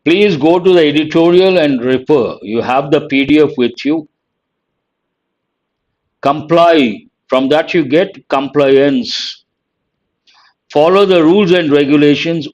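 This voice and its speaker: Male teacher, slightly high voice, very slow and deliberate, dull lo-fi stream audio. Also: a little mellow. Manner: slow, deliberate, reading out words one at a time. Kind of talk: live online vocabulary lesson.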